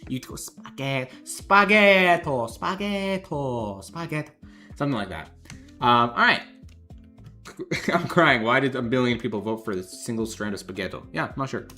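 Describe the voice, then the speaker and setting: A man's voice: mid-range voice, fairly quick, sharp tone, faint music behind. A man casually commenting on fan art during a livestream, joking, laughing and reading donation messages aloud. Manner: chatty, jokey, reads donations aloud, laughs often. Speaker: game developer streamer judging fan art.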